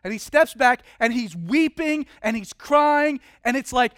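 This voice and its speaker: A man's voice: very high voice, lively intonation, measured pace, a bit bright, clear, resonant tone, dry recording, clean studio sound. A man preaching a sermon, telling a story vividly and dramatically with frequent restarts.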